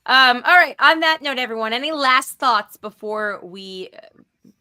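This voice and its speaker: A woman hosting a casual podcast with a bright, clear voice. She steers the conversation, reads out listener comments and thanks supporters in a relaxed, chatty way. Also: high voice, a little slow. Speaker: podcast host.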